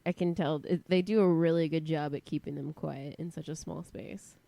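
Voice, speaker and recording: A woman's voice: deep voice, fairly even intonation, normal speed, creaky, dark tone, no room sound. Stuffy-nosed woman chatting casually. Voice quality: nasal. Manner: chatty, laughs easily, many restarts. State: stuffy nose from a cold. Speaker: podcast co-host. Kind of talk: casual chat.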